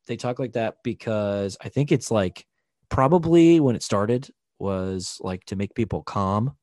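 A man's voice: on the low side, expressive, unhurried, darkish tone, no room sound, clean studio sound. A man co-hosting a casual podcast, explaining things at length with many fillers. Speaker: podcast co-host. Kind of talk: casual chat.

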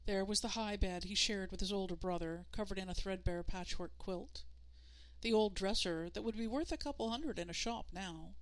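A woman narrating a novel in a steady, measured storytelling manner. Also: mid-range voice. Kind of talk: audiobook narration.

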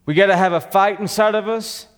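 A man's voice: high-pitched, steady tone, a little fast, clear, resonant tone, big-room sound. A man with a Texan accent preaching a sermon as pastor, talking with passion and fight in a church.

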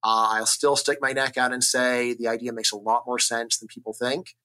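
A man from the United States, an economist, explaining ideas in an energetic, argumentative interview style, often checking in with "right?". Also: mid-range voice, moderate pace. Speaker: economist guest. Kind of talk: conversational interview.

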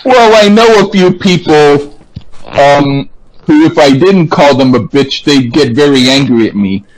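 Slow, stammering male co-host. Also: on the high side, animated, crowd noise, low-quality recording. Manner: stammering, halting, jokey. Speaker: podcast co-host. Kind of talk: casual podcast chat.

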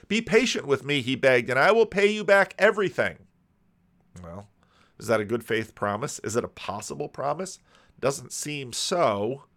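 A man preaching a sermon, explaining a parable and acting out its characters with animated, rising outbursts. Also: mid-range voice.

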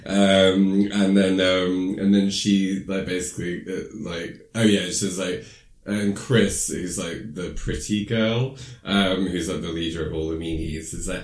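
A man with a very low voice casually retells a film scene by scene. He rambles with plenty of fillers and jumps into high, squeaky voices for the characters. The room around him is echoey. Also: fairly even intonation, unhurried. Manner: rambling, filler-heavy storytelling; acts out quoted lines in high squeaky voices. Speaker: podcast co-host recapping a film. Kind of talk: casual chat.

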